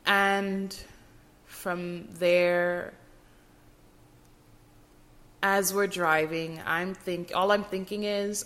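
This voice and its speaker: A woman's voice: on the low side, steady tone, takes it slowly, a bit bright. A young woman hosting a podcast, telling her personal faith testimony in an earnest, emotional way with frequent restarts. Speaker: podcast host.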